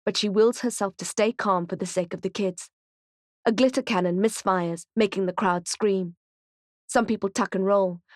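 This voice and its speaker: A woman's voice: medium pitch, no room sound. Woman narrating a thriller audiobook, dry. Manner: tense, steady storytelling in present tense.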